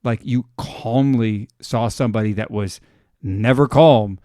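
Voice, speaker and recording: A man's voice: medium pitch, mellow, dry recording, studio quality. Chatty man jumping in eagerly. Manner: eager, quick interjections and stammered restarts. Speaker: podcast co-host. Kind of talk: casual chat.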